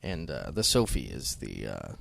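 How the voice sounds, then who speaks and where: A man's voice: very deep voice, wildly swooping pitch, moderate pace, vocal fry, fairly bright tone, no echo, clean studio sound. A man co-hosting a podcast in casual chat, rambling with many ums and some swearing. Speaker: podcast co-host.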